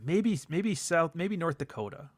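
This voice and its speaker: A man's voice: fairly high pitch, sing-song, measured pace, dry recording, clean studio sound. A man from Canada chatting casually on a livestream, rambling and profane, reading out chat comments as he goes. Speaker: livestream host.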